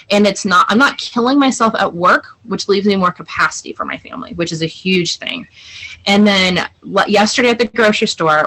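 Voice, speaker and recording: Bright-voiced mom telling stories. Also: female voice, medium pitch, rough recording. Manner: animated storyteller, acts out family dialogue. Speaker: guest, client. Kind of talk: casual interview chat.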